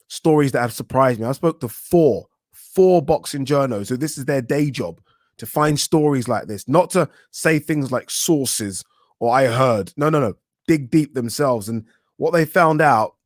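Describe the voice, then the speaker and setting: A man hosts a casual live stream about boxing, reading out viewer comments and answering them in a frank, animated way. His voice sits at an ordinary middle pitch. The sound is dry and close, with almost no room around it. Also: no echo. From England. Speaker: boxing channel host.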